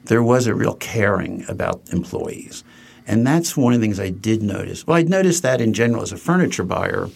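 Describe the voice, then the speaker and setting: A man's voice: on the low side, expressive, brisk, gravelly, darkish tone. An older man from New Jersey, a furniture company co-founder, telling anecdotes in a casual interview and acting out the people he quotes. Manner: anecdotal, acts out quoted voices, frequent restarts.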